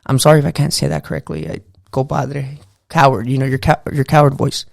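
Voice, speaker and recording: A man's voice: mid-range voice, fairly even intonation, fast talker, gravelly, dry recording, studio quality. A man hosting a casual motivational podcast, just out of bed, rambling loosely and saying "you know" and "bro" a lot. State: just out of bed, early morning voice. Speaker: podcast host.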